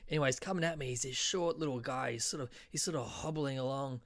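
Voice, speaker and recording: A man hosting a podcast, spinning a rambling comic monologue full of deadpan asides and restarts. His voice sits at an ordinary middle pitch and is recorded dry and close. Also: fast talker, no echo. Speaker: podcast host.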